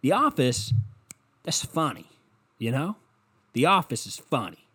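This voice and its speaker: A man's voice: medium pitch, sing-song, measured pace, pushed and bright, breathy edge. Rambling, foul-mouthed comedic rant from a man. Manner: rambling, profane, mocking.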